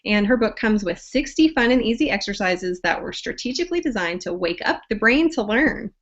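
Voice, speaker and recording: A woman's voice: mid-range voice, animated, a little fast. A woman, hosting a webcast and reading a friendly introduction of her guest. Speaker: host. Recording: dull lo-fi webcast audio.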